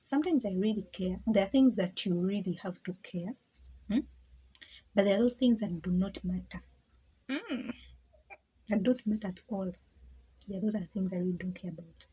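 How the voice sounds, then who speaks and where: A woman's voice: medium pitch, a little slow, pauses often, warm tone, low-quality recording. A woman talking casually and reflectively to her viewers, rambling, stammering, laughing often and dropping into whispers. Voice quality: very breathy, husky. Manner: drops into whispers. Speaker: vlogger.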